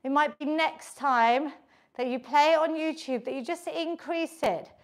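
A middle-aged woman, leading a home workout, counting reps and calmly coaching form. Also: high voice, a little slow. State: out of breath at times. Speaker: fitness instructor. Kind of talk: live workout instruction.

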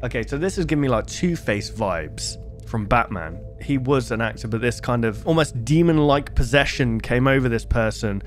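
A man's voice: mid-range voice, expressive, normal speed, hardly any pauses, faint music behind. Chatty young man reacting. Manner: chatty, joking asides. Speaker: host. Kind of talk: casual reaction commentary.

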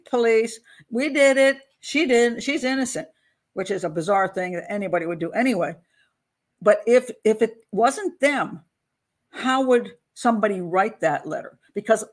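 A woman hosting a casual commentary show as a criminal profiler. She talks loosely to camera, rambles and teases herself as she searches aloud for her material. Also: medium pitch. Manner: rambling, searching aloud for notes, self-deprecating.

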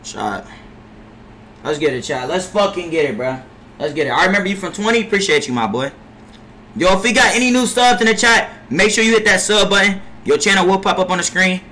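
A young man streaming a basketball game, cursing at teammates, trailing into low mutters, sometimes shouting from farther off the mic. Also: lively intonation, a little fast, slight background noise. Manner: frustrated trash talk, profanity-heavy, drops into low mutters; bursts into far-off shouts at teammates. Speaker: gaming streamer. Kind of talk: live gameplay commentary.

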